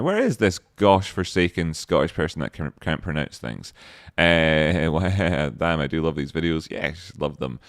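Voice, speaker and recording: A man's voice: sits low, fairly bright tone, no room sound. Man, stream host, playful and jokey, swears, mock outrage, dry close sound. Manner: reacts to video and chat aloud. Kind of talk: live stream chat.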